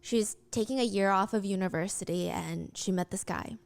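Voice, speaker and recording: A woman narrates a true-crime story in a scripted, earnest way. She keeps the retelling brisk and steady, with a voice of ordinary pitch. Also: creaky.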